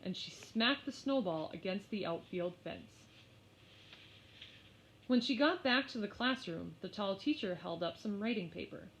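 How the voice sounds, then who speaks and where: A woman narrating a children's story aloud in an expressive, unhurried way. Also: mid-range voice. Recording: slightly muffled lo-fi.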